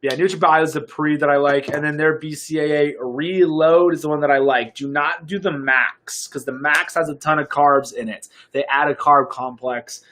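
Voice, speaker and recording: A man's voice: a little high, steady tone, normal speed, few pauses, sharp tone. A young man, a fitness coach, chatting casually on a livestream and answering viewer questions in an upbeat way.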